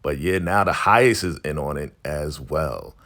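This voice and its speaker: A man hosting a TV episode recap, retelling the story casually with slang and lively asides. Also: very deep voice, moderate pace. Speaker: TV recap channel host.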